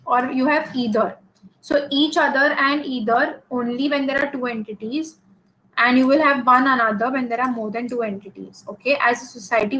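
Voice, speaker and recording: Lady teacher, higher voice, keeps asking okay?, bit of hiss behind. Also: fairly bright tone, low-quality recording. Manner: explains patiently with examples, checks in with "okay?". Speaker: English teacher. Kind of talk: classroom grammar lesson.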